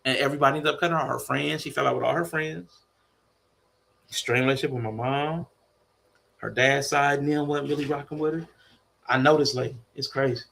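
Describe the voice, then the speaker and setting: A man co-hosting a podcast in casual chat, telling a family story in an animated way. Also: mid-range voice, brisk, gravelly, long pauses. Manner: animated storytelling, slipping into mock voices. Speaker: podcast co-host.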